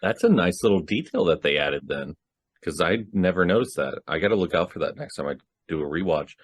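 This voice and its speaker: A man's voice: low voice, expressive, a little fast, slightly rough, dry recording, studio quality. A man co-hosting a casual podcast about horror movies, talking animatedly, swearing and laughing often. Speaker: podcast co-host.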